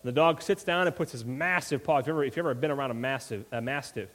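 A man's voice: medium pitch, fast talker, fairly bright tone. Preaching man in an echoing sanctuary. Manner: builds emphasis with repeated rhetorical questions. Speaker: pastor. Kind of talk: sermon. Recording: long reverb from a hall.

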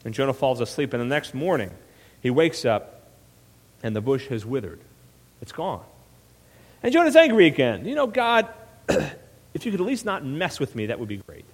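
A man preaching a sermon as pastor, telling the story with animated asides and frequent "right?" checks. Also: mid-range voice. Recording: long reverb of a hall.

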